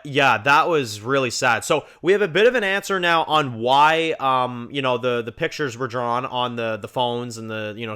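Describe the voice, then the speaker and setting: This TV reviewer hosts his own channel and discusses an episode in a rambling flow, tripping over restarts and saying "you know" often. He has a bright, forward voice of typical male pitch, and he perks up when describing scenes.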